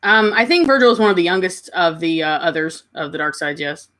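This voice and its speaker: Animated and at normal speed, a medium-pitched woman's voice carries a Kentucky Southern accent through a casual livestream. As host, she warmly answers her chat and coos at her pets.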